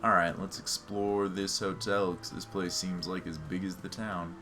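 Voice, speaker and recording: A man's voice: sits low, little pitch movement, normal speed. A man hosting a let's play, commenting on the game in a chatty, self-mocking way. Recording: game music playing behind the voice.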